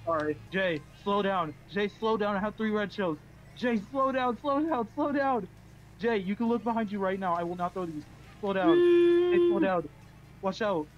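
Man, high voice, muffled lo-fi chat audio, teasing fellow player. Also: fairly quick, a little hiss or hum. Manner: teasing, nagging, repeats himself. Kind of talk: casual gaming banter.

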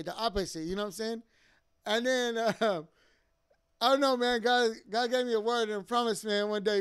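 High, smooth-voiced man giving testimony. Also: fairly bright tone. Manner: rambling, full of fillers and asides. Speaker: church member giving testimony. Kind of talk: casual spoken testimony.

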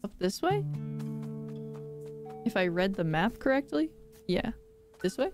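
A woman's voice: mid-range voice, very animated, unhurried, music in the background. A woman streamer giving casual, giggly, exclaiming commentary while playing a game.

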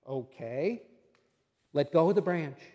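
A man voicing God as a calm, patient presence, speaking gently but firmly. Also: fairly high pitch, takes it slowly, big-room sound.

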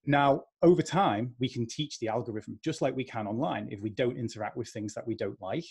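Man, northern English accent, husky, mellow, conversational talk, video call. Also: mid-range voice, brisk. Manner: conversational, acts out inner voices. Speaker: speaker. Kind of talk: talk to an online audience.

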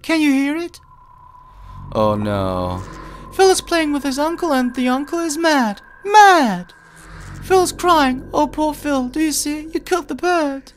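A gamer voicing a young, kind-hearted girl while reading game dialogue aloud, with a high, sweet, tender voice. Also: sing-song, measured pace, slight background noise. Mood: frightened.

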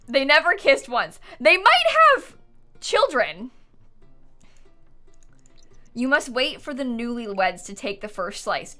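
High and sharp, this young woman's voice carries through a casual live stream of a life-sim game. She's playful and often laughs or tells off her characters while soft game music plays behind her.

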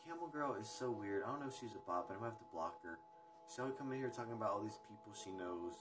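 A young man hosts a casual livestream from his phone indoors at home, with music playing in the background. His voice is fairly low, animated and quick, and he chats loosely with viewers, rambling between topics and swearing now and then.

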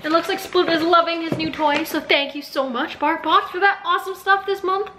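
A woman's voice: extremely high pitch, fairly even intonation, a little fast, sharp tone, a little hiss or hum. A young woman vlogging casually, bubbly and chatty, cooing in baby talk at her dog. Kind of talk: casual vlog chat.

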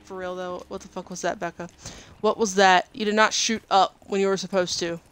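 A woman's voice: mid-range voice, steady tone, brisk. A young adult woman streaming gameplay, frustrated and cursing at opponents as she plays. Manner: frustrated, swearing, shouting at opponents. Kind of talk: live gameplay commentary.

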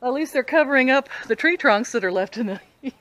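A woman's voice: sits high, lively intonation, a little fast, background noise. An older woman giving a casual home video tour of her pets, chatting and baby-talking to them as she walks from her house out to the backyard. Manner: chatty, coos and baby-talks to her animals. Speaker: vlogger showing her pets. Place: house, then backyard with chickens.

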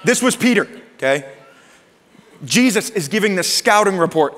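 A male pastor preaching a sermon, retelling the Bible story with lively voices for the characters. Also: normal speed, pauses often. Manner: animated storytelling, acting out Peter's lines high and Jesus' lines low and soft. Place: church auditorium. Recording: long reverb of a large hall.

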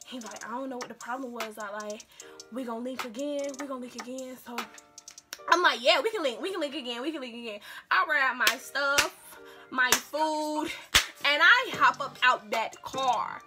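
A young woman speaking recounts a story for her vlog in an animated, dramatic way, repeating her lines for emphasis. Her voice sits a little high, and loud music plays behind her throughout. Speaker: vlogger.

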